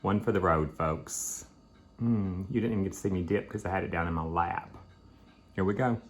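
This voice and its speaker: A man's voice: sits low, moderate pace, a little hiss or hum. A man hosting a home video, chatting casually and rambling between bites of food. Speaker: vlog host. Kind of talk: casual chat while eating.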